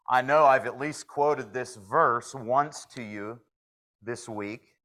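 A man's voice: fairly low pitch, a little slow, pushed and bright. A man preaching a sermon, folksy and earnest, pleading with his listeners. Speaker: pastor.

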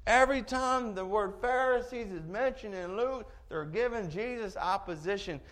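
A man preaching a sermon, telling a story in an animated way with chuckling asides. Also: high voice, moderate pace.

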